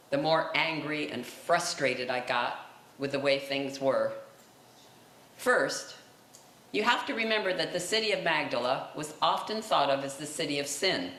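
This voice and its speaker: A man's voice: a little high, sharp tone. A man performing a dramatic monologue as Mary Magdalene, a passionate woman telling her own story with rhetorical questions, at a seminary talent show. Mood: impassioned. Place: seminary event room. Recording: roomy echo, faint noise.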